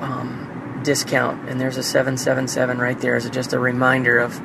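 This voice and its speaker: A man's voice: medium pitch, monotone, moderate pace, vocal fry, noisy background. A father recording an emotional personal video diary, talking earnestly and sighing often, from inside a car while driving.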